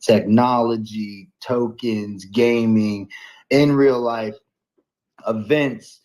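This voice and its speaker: A man from Ohio co-hosting in casual chat, hyped and excitable, with a lot of slang. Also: fairly low pitch, extremely slow. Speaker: co-host.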